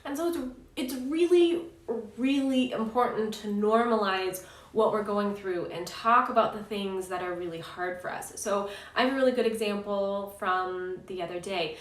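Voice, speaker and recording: A woman's voice: mid-range voice, moderate pace. A woman in her thirties, a parenting coach, telling a personal story in an earnest, chatty way and checking in with "right?". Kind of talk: casual advice talk to camera. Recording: roomy echo, slightly distant mic.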